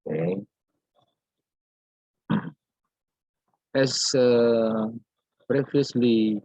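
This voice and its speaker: A male grammar teacher giving an online class lecture, explaining slowly and repeating himself with lots of fillers and "yeah". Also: lowish voice, darkish tone, husky, no room sound. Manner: slow, repetitive explaining with many fillers and "yeah". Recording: dull, dry lo-fi computer audio.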